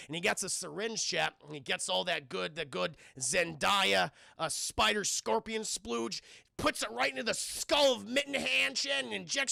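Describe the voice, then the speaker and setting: A man recapping a film scene by scene to his stream chat, animated and profane, rambling with many fillers. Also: high voice, a little fast, creaky, dry recording, clean studio sound. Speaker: streamer reviewing films.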